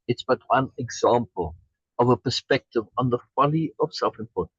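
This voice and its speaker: Emphatic husky man on a video call. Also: medium pitch, animated, moderate pace, dry recording. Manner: emphatic, repeats key phrases. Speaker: program leader reading and commenting. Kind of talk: reading aloud with reflective commentary. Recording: dull lo-fi video call audio.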